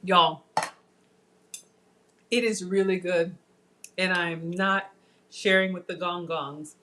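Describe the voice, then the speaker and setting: A woman's voice: on the low side, steady tone, slow pace, sharp tone, a little hiss or hum. A woman chatting casually to viewers while tasting food on a live cooking stream. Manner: chatty, addresses viewers as y'all, savoring food. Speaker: cooking vlogger.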